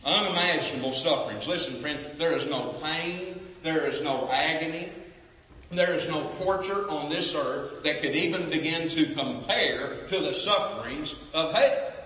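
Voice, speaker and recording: Fiery preacher in an echoing hall. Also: male voice, normal speed. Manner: swings between booming cries and hushed pleading; repetitive preaching cadence. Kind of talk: impassioned sermon. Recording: echoey hall from far off.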